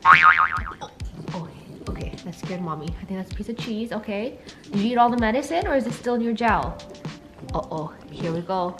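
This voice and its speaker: A woman's voice: mid-range voice, normal speed, vocal fry, long pauses, music in the background. A young woman vlogging at home, coaxing her dog in baby talk and chatting to viewers. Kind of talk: casual vlog, talking to her dog.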